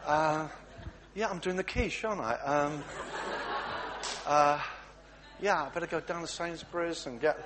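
A man's voice: a little high, measured pace, pauses often, natural voice. A man voicing a flustered housewife whose prayers keep rambling off onto errands, full of self-interruptions and hesitations. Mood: scatterbrained. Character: flustered distracted praying housewife.

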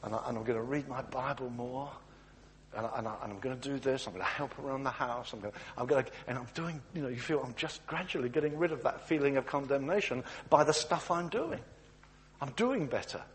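A man's voice: medium pitch, a little fast. A man preaching a sermon in an anecdotal way, with frequent stammered restarts as he acts out little dialogues.

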